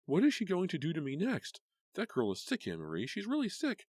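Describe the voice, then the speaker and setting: Karen: a man doing a shrill, frantic teenage girl. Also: huge pitch swings, fairly quick, darkish tone, no room sound, studio quality, full character voice. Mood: furious. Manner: shrill and agitated. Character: upset, angry teenage girl.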